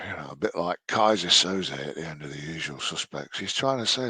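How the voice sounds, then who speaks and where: A man's voice: very deep voice, moderate pace, few pauses, husky, no room sound. A man giving sarcastic, sweary reaction commentary over a video. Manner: mocking, sweary, deadpan asides.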